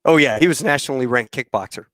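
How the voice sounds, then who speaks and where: A man's voice: mid-range voice, fast talker, no echo. A man hosting a casual podcast, telling old flying stories and acting out radio calls and cockpit talk. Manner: animated anecdote telling with acted-out radio calls. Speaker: podcast host and former Marine pilot. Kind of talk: casual storytelling chat.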